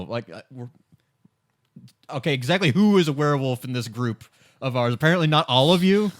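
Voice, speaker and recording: A man's voice: medium pitch, moderate pace, long pauses, fairly bright tone, dry recording. Male podcast co-host, thirties, wry sarcastic banter, dry close sound. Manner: wry, sarcastic, laughs often. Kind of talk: casual chat.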